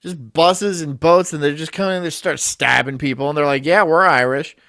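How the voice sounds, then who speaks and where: A man's voice: fairly high pitch, brisk, vocal fry, fairly bright tone, no room sound, soft background music. A man hosting a live stream, rambling crudely, swearing and reading chat aloud while drinking shots.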